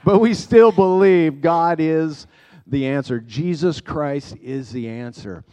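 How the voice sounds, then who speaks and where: Man pastor with a somewhat high voice, upbeat encouraging sermon to the congregation. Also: slow pace, warm tone. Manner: encouraging, preacherly. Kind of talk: church sermon. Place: church sanctuary.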